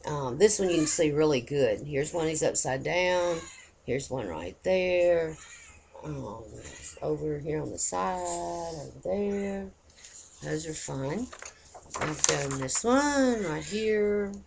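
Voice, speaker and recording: Low, gravelly woman in her fifties. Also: expressive, takes it slowly, a little mellow, a little hiss or hum. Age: 50s. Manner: chatty, rambling and folksy. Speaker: vlogger. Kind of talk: casual chat to camera.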